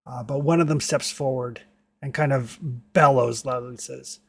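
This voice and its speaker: A man runs a tabletop game as game master, narrating in a loose, rambling way. He fills his sentences with words like "kinda" and "like." His voice sits at a middle pitch. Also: fairly even intonation, normal speed. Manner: rambling, many fillers like "kinda" and "like".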